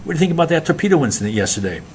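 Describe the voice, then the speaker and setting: A man's voice: on the high side, sing-song, very fast, a little mellow, slight background noise, voice pushed up. A man reading a bitter, scheming young naval officer who snaps orders and puts on forced friendliness. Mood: falsely friendly.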